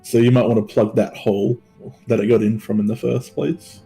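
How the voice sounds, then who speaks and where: A man's voice: fairly low pitch, steady tone, a little fast, creaky, mellow, faint music behind. A man playing a tabletop game, making a cautious, dry suggestion to the party. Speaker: player.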